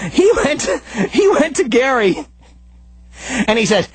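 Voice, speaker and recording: Brief: male talk radio host, high voice, lively pitch, dry studio sound, angry rant. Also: measured pace, pauses often, breathy edge, no room sound. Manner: animated, frequently shouting in anger. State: out of breath. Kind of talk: ranting monologue.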